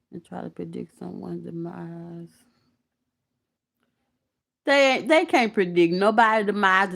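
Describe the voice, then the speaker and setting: A woman's voice: lowish voice, gravelly. A woman from Alabama, hosting a casual livestream and talking candidly and emphatically to her viewers. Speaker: YouTube commentary host.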